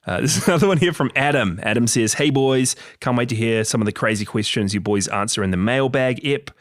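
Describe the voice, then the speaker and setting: A man's voice: fairly low pitch, dry recording, studio quality. A man co-hosting a podcast, reading out listener messages and bantering in a joking, teasing way. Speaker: podcast co-host. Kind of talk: casual chat, reading listener mail.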